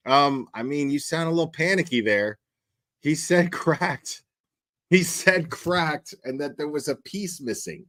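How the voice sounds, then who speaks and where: A man's voice: on the high side, measured pace, a bit bright, no room sound. A man hosting a casual reaction commentary, profane and mocking, laughing often. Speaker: host.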